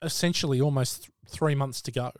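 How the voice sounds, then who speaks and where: A man co-hosting a podcast, opinionated and halting as he talks. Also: mid-range voice, no room sound, clean studio sound. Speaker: podcast co-host and youth rugby coach. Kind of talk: casual chat.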